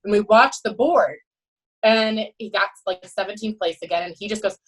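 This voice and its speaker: Her voice is mid-range and her pace normal as this woman, a head swim coach, shares emphatic, animated stories on a podcast. She keeps adding "you know" and "right," and the audio is poor.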